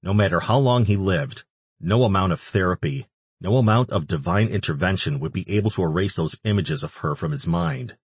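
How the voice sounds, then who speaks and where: Deep husky guy narrating a story, steady pace, dry sound. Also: fairly quick, dry recording. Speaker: audiobook narrator. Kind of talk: scripted narration.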